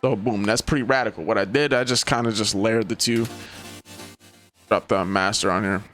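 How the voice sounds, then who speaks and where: A man's voice: on the low side, fairly even intonation, normal speed, a bit bright, faint music behind. A young man walks through a beat at his desk in loose, slangy talk. He swears easily and laughs at his own slips, with a faint beat playing underneath. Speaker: music producer. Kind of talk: casual beat-making tutorial.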